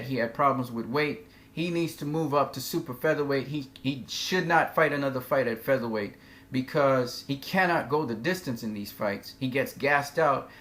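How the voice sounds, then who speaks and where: A man giving an opinionated, conversational recap of weekend boxing results, slowing down to stress names and points. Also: medium pitch, a bit bright. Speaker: boxing commentator. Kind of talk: casual fight recap.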